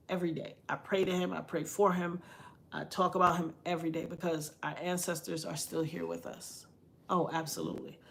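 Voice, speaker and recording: A middle-aged woman telling a personal story in a heartfelt, conversational way, often repeating lines for emphasis. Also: on the low side. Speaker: interviewee.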